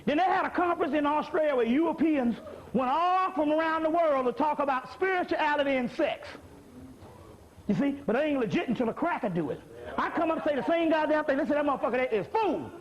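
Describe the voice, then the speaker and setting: High-voiced profane man lecturing, lo-fi. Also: fast talker. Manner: profane, streetwise, comic preaching with repeated asides. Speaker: lecturer on spirituality. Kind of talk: lecture to a live audience. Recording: dull lo-fi lecture recording.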